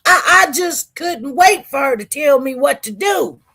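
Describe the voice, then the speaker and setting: A woman in her forties on the witness stand, telling her personal story in animated, colloquial speech. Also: high voice, a little slow. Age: 40s. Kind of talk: emotional personal testimony.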